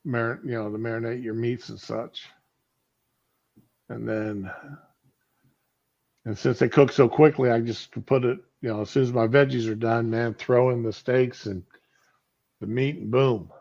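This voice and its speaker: Gravelly man chatting on a stream. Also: medium pitch, steady tone, unhurried, pauses often, a little mellow. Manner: rambling, with fillers. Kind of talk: casual chat. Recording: lo-fi stream audio.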